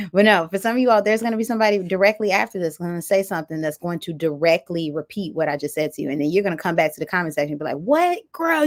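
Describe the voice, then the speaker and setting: A woman giving a pick-a-card tarot reading, reading oracle messages aloud and breaking into playful, chatty asides to her viewers. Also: fairly low pitch. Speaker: tarot reader.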